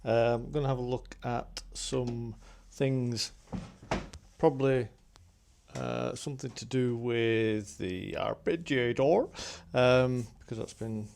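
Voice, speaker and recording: A man with a gravelly, creaky edge to his voice talks through a hobby synth tutorial. He meanders as he goes, thinking aloud and filling pauses with ums. His pitch sits in an ordinary middle range for a man. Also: a little mellow, slight background noise. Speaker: synth hobbyist demonstrating gear. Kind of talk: casual tutorial walkthrough.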